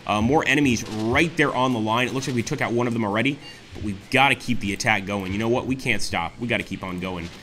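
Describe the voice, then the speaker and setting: A man hosting a let's play, commenting excitedly on a strategy war game and often exclaiming to his viewers. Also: mid-range voice, fast, a little hiss or hum. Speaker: gaming channel host.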